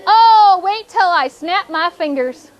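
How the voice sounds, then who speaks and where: A woman's voice: very high voice, normal speed, lo-fi sound, a little hiss or hum. A woman teaching a fourth grade phonics lesson in a classroom, drawing out her prompts and repeating cues as the class thinks.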